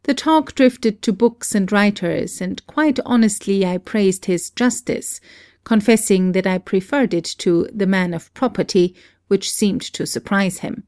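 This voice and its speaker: A woman narrates a memoir in a steady, earnest reading voice that grows argumentative in places. Her pitch is an ordinary middle for a woman. The sound is close and dry, with no room echo. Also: a little slow. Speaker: audiobook reader.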